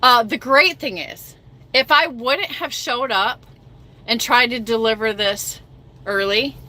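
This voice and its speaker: Chatty bright-voiced woman trucker. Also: a little high, takes it slowly, slight background noise. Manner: chatty, self-mocking, reads viewer comments aloud. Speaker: trucker livestream host. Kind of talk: casual livestream chat.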